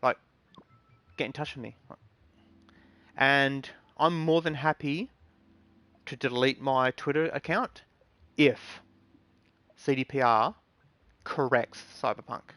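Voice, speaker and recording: Male gaming vlogger, mid-pitched, rambling gripes full of ums, dead-dry close recording. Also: slow, pauses often, bright, forceful tone, no room sound. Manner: rambling and aggrieved, many ums and restarts. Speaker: gaming channel host. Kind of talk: casual gaming vlog rant.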